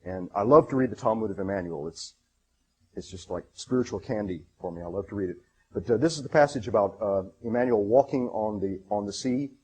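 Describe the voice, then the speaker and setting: Reading passages aloud during a lecture, this man is clearly enthusiastic about his subject but speaks haltingly, full of fillers and restarts. His voice sits on the low side, expressive and warm with a slight roughness.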